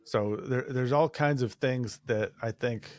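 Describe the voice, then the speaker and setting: A man speaking as a relationship coach on a podcast, in a measured and thoughtful way. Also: mid-range voice, no room sound. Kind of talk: casual podcast chat.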